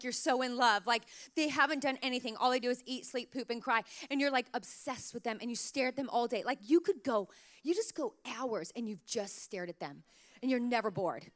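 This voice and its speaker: A woman's voice: fairly high pitch, a little fast. A woman in her thirties preaching a sermon to mothers, telling personal stories in a chatty way full of "like" fillers. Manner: warm storytelling, chatty with many "like" fillers. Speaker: pastor.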